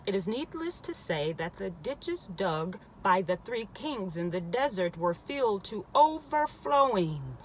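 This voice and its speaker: A woman's voice: mid-range voice, big pitch swings, a little slow, hardly any pauses, slight background noise, rough recording. A woman reading a spiritual self-help book aloud, often stopping to repeat passages and add emphatic comments of her own. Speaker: reader.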